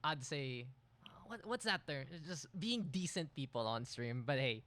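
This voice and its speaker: A man co-casting an esports match in casual banter, playful and teasing with quick laughs. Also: a little high, big pitch swings, fairly bright tone. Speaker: esports caster.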